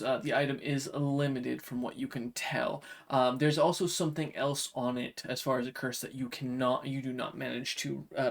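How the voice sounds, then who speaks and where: A man's voice: medium pitch, gravelly, a bit bright. A man narrating a tabletop game as game master, talking casually with many fillers.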